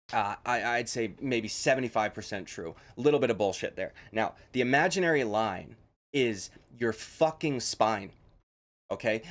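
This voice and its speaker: Brief: male commentary YouTuber, heated, swearing, mid-pitched, ranting. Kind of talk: reaction commentary.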